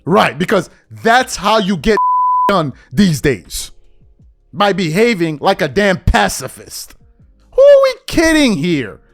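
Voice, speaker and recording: A man delivers a heated podcast commentary in a high, strongly animated voice that leaps up and down. He is sarcastic and mimics others in a lowered tone. Faint music plays underneath. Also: slow, vocal fry. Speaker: podcast host. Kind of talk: opinionated sports and politics commentary.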